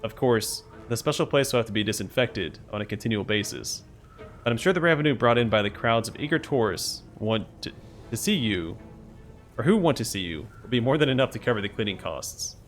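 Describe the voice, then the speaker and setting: A man's voice: medium pitch, animated, brisk, faint music behind, natural voice. A man voicing an eager female scholar who admires a monster in a clinical tone. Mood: enthusiastic.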